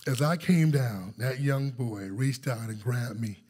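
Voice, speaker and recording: A husky-voiced male pastor preaches in a church sanctuary. He tells a story and calls out to his congregation, then rises to excited intensity. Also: mid-range voice, a little slow. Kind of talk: sermon.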